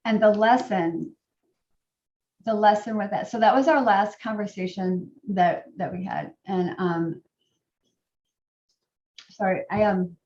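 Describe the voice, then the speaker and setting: A middle-aged woman telling a personal story to a group, in a halting way with many fillers and restarts. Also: medium pitch, darkish tone, slight background noise. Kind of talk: personal testimony talk. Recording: roomy, distant, dull sound.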